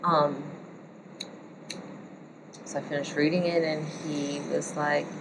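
A woman in her thirties, a tattoo artist, telling a story in a relaxed, chatty way. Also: low voice, takes it slowly, noisy background. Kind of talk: casual storytelling chat.

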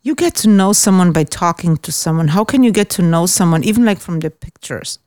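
A woman's voice: on the low side, a little fast, dry recording, studio quality. Blunt, swearing woman from Austria telling stories. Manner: blunt, swears freely, animated storytelling. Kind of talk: casual chat.

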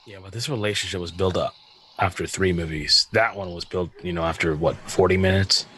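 A man co-hosting a casual movie podcast, animated and tripping over words now and then. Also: fairly quick, slightly rough. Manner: animated, lively pitch swings, trips over words. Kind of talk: casual chat.

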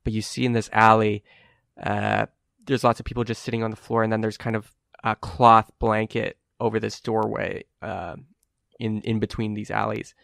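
A man's voice: lowish voice, flat delivery, normal speed, gravelly, a bit bright, dry recording, clean studio sound. A man narrating as game master in a tabletop game, casual and rambling with many fillers.

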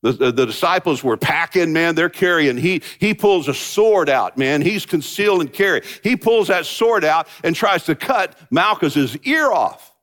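Pastor, male, fairly high voice, conversational sermon delivery with humorous asides. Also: lively intonation, normal speed, a bit bright. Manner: conversational preaching with joking asides.

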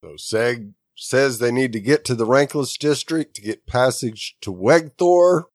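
A man on a podcast chatting casually, summarizing an episode's plot in a steady way. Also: mid-range voice, a little slow, no room sound, studio quality. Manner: steady plot summary with short agreeing replies. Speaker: podcast co-host recapping an episode. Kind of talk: casual chat.

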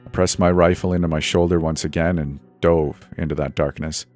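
A man narrating a scripted first-person horror story in a tense, steady way. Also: a bass voice, fairly quick, faint music behind.

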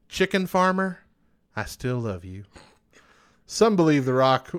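A man's voice: mid-range voice, clear, resonant tone. A man co-hosting a casual podcast, reading offbeat facts aloud and then riffing on them. He laughs easily and keeps the tone jokey. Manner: jokey, laughs often, reads trivia then riffs. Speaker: podcast co-host.

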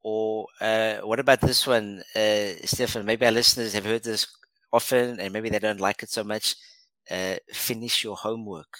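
A man's voice: fairly low pitch, steady tone, normal speed, fairly bright tone, no echo, low-quality recording. A man co-hosting an English lesson podcast, encouraging and praising often, with many uh fillers. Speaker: podcast co-host.

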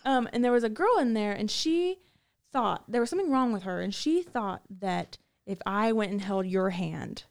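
Creaky-voiced woman telling prison stories. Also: medium pitch, moderate pace. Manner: rambling, many fillers and restarts. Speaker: guest recounting prison time. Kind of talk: casual storytelling.

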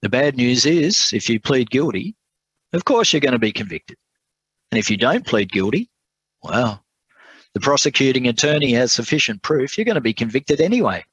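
A man voicing a kind, quiet male lawyer who speaks softly and patiently in a told sermon story. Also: mid-range voice, sing-song, breathy edge, no room sound, dull audio, pitched above the performer's own voice. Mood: gentle, patient. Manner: soft-spoken, measured.

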